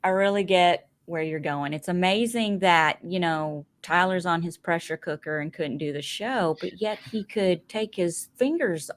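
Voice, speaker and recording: A woman's voice: lowish voice, a little slow, hardly any pauses. A woman with a Southern US accent hosting a casual chat show, playful and laughing often. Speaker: podcast host.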